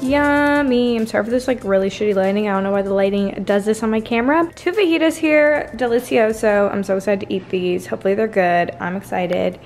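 A woman's voice: medium pitch, a little fast, hardly any pauses, a little mellow, faint music behind. A young woman from Canada chatting casually through a day-in-the-life vlog at home, bubbly and laughing often. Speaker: vlogger. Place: home, indoors.

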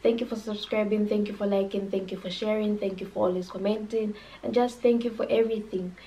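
Woman, casual vlog host, chatty, level tone, mellow. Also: medium pitch, fairly even intonation, a little fast, distant mic, poor audio. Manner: friendly, chatty, direct address to viewers. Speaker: reaction channel host.

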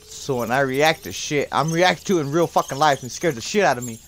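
A man's voice: medium pitch, brisk, a bit bright, slight background noise. A young man live-streaming a horror game, swearing constantly and screaming when startled. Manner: profane, jumpy, screams in fright.

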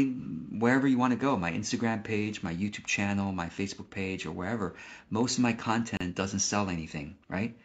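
A man talking to the camera as a business coach, in a calm, gentle way with frequent restarts. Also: lowish voice. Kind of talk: casual talk to camera.

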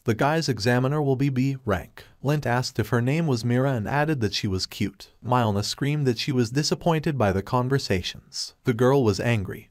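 A man giving a scripted, even third-person narration of a comic story. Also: mid-range voice, no echo, studio quality. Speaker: recap narrator.

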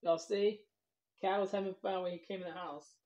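A woman's voice: mid-range voice, fairly even intonation, moderate pace, dark tone. A woman vlogger telling a children's story, rambling loosely and talking to the kids as boys and girls. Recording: dull lo-fi recording.

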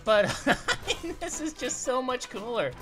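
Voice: sits high, measured pace. A performer voicing a cheerful young male cartoon grape who jokes and cries out while playing a video game, over faint music. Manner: excitable, jokey, cries out at near misses. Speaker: let's play commentator. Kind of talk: cartoon character let's play commentary.

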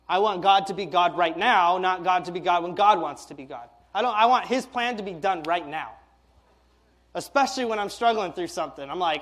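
A young man preaching a sermon as youth pastor, animated and tripping over his words when excited. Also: high voice.

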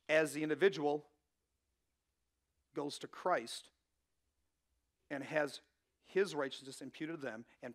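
A man's voice: fairly high pitch, fairly bright tone. A man in his thirties preaching a sermon as pastor, in a conversational way with frequent asides to the room. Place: church.

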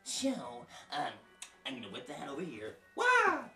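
A woman's voice: rumbling low, big pitch swings, moderate pace. A woman hosting a homemade comedy show, rambling crudely and erratically in a put-on posh accent. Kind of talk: rambling improvised comedy monologue. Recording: echoey room, far from mic, loud music behind.

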